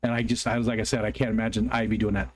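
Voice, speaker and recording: A man's voice: lowish voice, flat delivery, racing. A man from the United States hosting a casual livestream, chatting and reading viewer comments aloud in a rambling, apologetic way with frequent ums and restarts. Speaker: livestream host.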